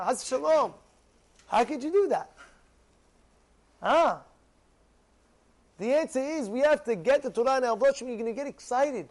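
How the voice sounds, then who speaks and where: A man with a strikingly high voice gives a spirited Torah lecture to his class. He slips into the voices of the people in his examples and drives his points home by repeating them. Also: normal speed, pauses often. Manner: animated, acts out quoted people, repeats phrases for emphasis. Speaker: rabbi giving a Torah class.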